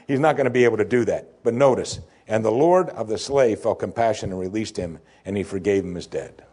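A man with a husky, slightly breathy voice delivers a sermon as a pastor, retelling a parable in an animated way. He climbs high and loud to stress a point, then drops to a quiet, low murmur for the lesson. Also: a little fast.

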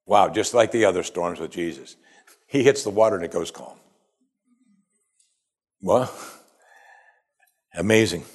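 A man preaching a sermon, animated, swinging between loud exclamations and quiet asides. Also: low-pitched, unhurried, pauses often, husky. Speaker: pastor.

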